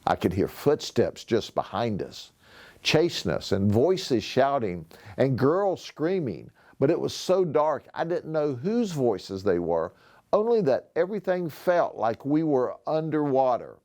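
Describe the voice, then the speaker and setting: A slow, expressive male storyteller. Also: medium pitch. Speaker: sheriff. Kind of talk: reading a novel aloud to schoolchildren.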